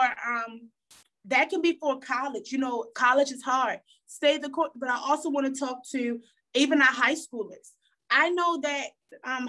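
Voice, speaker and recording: A woman's voice: high voice, a bit bright. Fervent young woman giving a pep talk. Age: young adult. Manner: preachy, repeating phrases for emphasis. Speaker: guest speaker. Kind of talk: motivational talk.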